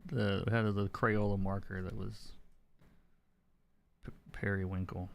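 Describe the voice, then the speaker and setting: A man, a comic colorist, chatting casually on a livestream while he works, thinking aloud with many restarts and soft chuckles. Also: fairly low pitch, little pitch movement, measured pace, creaky. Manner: chuckles softly between remarks. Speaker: comic book colorist streaming his work.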